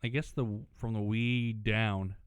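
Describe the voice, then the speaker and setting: A man rambling through casual gameplay commentary, clearing his throat often, his dry throat pulling his voice lower than usual. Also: fairly even intonation, measured pace, no echo. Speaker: gaming channel host.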